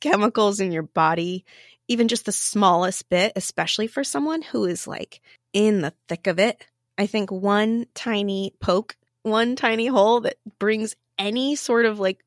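A woman's voice: medium pitch, measured pace, no room sound. A woman speaks as a guest in a podcast interview, reflective and heartfelt. Her voice is recorded close and dry, with no room sound.

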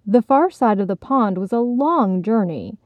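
A woman narrating a children's storybook in a calm, measured way. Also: fairly high pitch, dry recording, narrow, tinny audio.

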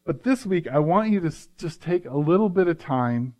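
A man's voice: on the high side, lively intonation, moderate pace, a little mellow. A male pastor giving an earnest, conversational sermon, often adding "right?" to his points.

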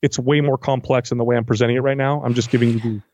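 A man's voice: medium pitch, very fast, highs cut off. A man, a fitness trainer, talking casually in an interview and acting out what his clients say. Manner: animated, acts out client quotes.

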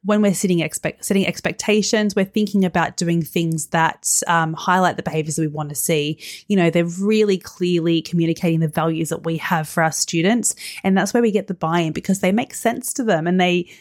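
A woman hosting a podcast in a casual monologue, a bit hoarse as she recovers from illness, chatty and earnest. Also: lowish voice, no echo, clean studio sound. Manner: chatty, earnest, quick asides. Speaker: podcast host.

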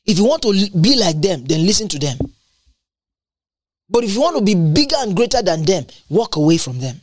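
A preacher in full sermon mode, hammering each point by repeating it, jumping from low to high. The pitch sits in a middle range. The sound is dry and close, with no room echo. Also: very animated, brisk. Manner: emphatic and repetitive, with large swings in pitch.

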